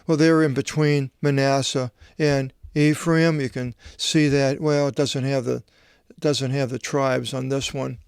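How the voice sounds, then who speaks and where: Man reading scripture, crisp and dry. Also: mid-range voice, little pitch movement, dry recording. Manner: meandering, digressive, halting asides. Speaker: Bible translator teaching.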